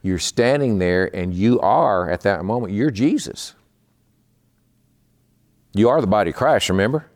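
A man preaching a midweek sermon in a conversational way. He slows down to explain terms and often repeats words. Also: lowish voice, lively intonation, darkish tone. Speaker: pastor.

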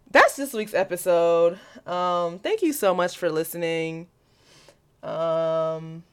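A woman's voice: lowish voice, clean tone. A young adult woman hosting a solo podcast, ranting bluntly and profanely with constant "like" fillers. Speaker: podcast host. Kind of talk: casual solo podcast rant.

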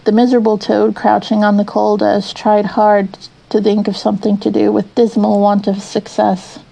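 A woman narrating a classic children's storybook in an even, expressive reading. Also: medium pitch, moderate pace, vocal fry, low-quality recording. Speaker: audiobook narrator.

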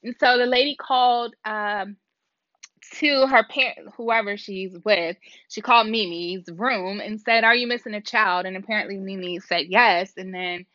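A woman's voice: medium pitch, normal speed, dry recording. A woman vlogger casually telling a story to her viewers, rambling and acting out the dialogue. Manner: animated, rambling, acts out dialogue. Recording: dull lo-fi sound.

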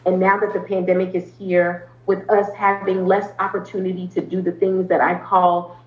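A woman's voice: lowish voice, completely flat delivery, normal speed. Earnest woman therapist in a roomy recording. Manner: earnest, explains at length with frequent ums and restarts. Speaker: therapist, podcast guest. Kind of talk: conversational interview talk. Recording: roomy, slightly dull sound.

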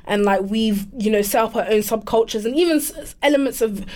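A woman's voice: fairly high pitch, fast, a little mellow. A woman co-hosting a podcast in casual chat, talking in loose, filler-heavy runs that build to emphatic bursts. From Britain. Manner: loose filler-heavy talk, many restarts. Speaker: podcast co-host.

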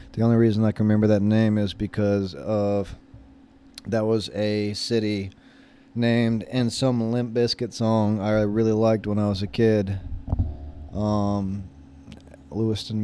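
A man's voice: on the low side, warm tone, slight background noise. A man in his thirties casually telling a story, rambling and hesitant with many fillers and restarts. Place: lives in Florida.

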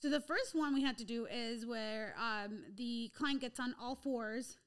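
A woman in her thirties telling an animated story in a casual chat, laughing often. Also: on the high side, measured pace, clean tone.

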